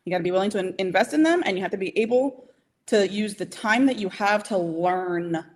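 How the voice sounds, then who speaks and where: A woman's voice: mid-range voice, a little hiss or hum. Emphatic woman coaching small business owners. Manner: emphatic, coaching, keeps asking "okay?" and "right?"; direct and motivational, speeds up and slows down. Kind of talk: live training talk.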